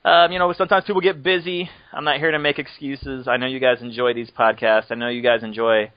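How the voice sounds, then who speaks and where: A man's voice: mid-range voice, fairly even intonation, quick pace, no echo, lo-fi sound. A man hosting a podcast, chatting casually and joking around, laughing often as he rambles. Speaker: podcast host. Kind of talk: casual chat.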